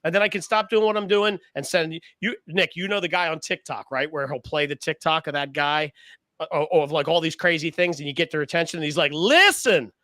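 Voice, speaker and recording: A man's voice: on the high side, quick pace, dry recording. A man, co-hosting a casual round-table podcast, telling stories with swearing and laughter. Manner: animated storyteller, swears freely, laughs often. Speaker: podcast co-host.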